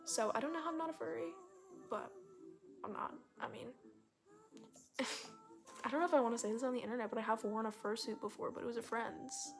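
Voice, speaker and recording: A woman's voice: a little high, brisk, pauses often. A young woman vlogger reading her childhood stories aloud, chatty and self-mocking, sometimes dropping to a near whisper, at home. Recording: faint music playing in the room.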